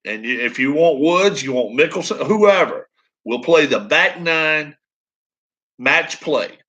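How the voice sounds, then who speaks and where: Male streamer host, casual and chatty, slightly higher voice, laughs a lot. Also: animated, slow pace, sharp tone, lo-fi sound. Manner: chatty, laughs often, talks to chat viewers. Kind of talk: casual live-stream chat.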